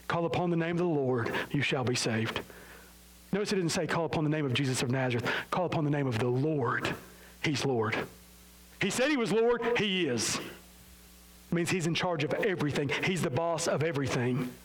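A man preaching an evangelical sermon, impassioned, swinging from low, solemn lines to loud, high emphasis, with self-mocking asides. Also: lively intonation, moderate pace, rough recording.

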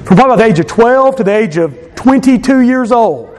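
A man with a notably high voice gives a personal testimony, earnest and heartfelt. He leans on repeated words to drive his points home, with a faint hum of ambience behind him. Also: expressive, fast talker, a little mellow. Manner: earnest, repeats phrases for emphasis. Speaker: speaker giving a testimony.

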